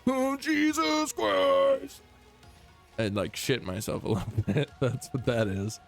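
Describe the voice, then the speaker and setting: A young man streaming a game, chatting casually and jokily, now and then yelping high or humming silly tunes. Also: normal speed, a little mellow. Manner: laid-back, jokey, breaks into high yelps and silly humming. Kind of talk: casual gameplay commentary. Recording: faint music in the background.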